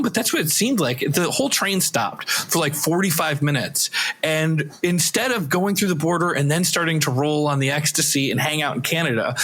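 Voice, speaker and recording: A man's voice: on the high side, a bit bright. A man on a podcast, telling a personal story in a rambling, self-correcting way. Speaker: podcast host. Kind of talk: casual storytelling.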